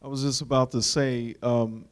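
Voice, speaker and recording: A man's voice: medium pitch, little pitch movement, normal speed, smooth. Earnest man in a Bible study. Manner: earnest, conversational, with fillers.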